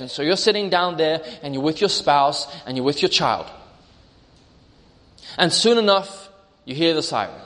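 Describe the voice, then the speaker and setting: A man's voice: fairly high pitch, expressive, normal speed, pauses often, fairly bright tone, long reverb tail. A male preacher delivering a sermon, storytelling through a vivid imagined scene.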